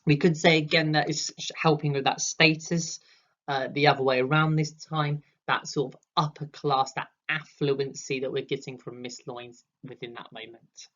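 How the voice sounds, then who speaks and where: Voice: medium pitch, fairly even intonation, moderate pace, a bit bright. A drama teacher, giving a recorded online lesson and acting out vocal examples as they explain. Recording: dull lo-fi sound.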